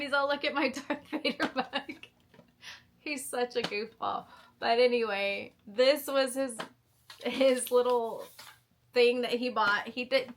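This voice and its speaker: A woman's voice: a little high, fairly bright tone, a little hiss or hum. A woman in her fifties chatting casually to the camera as she shows off her shopping haul, gushing over each item. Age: 50s. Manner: gushing, enthusiastic. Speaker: vlogger showing a shopping haul. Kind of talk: casual show-and-tell chat.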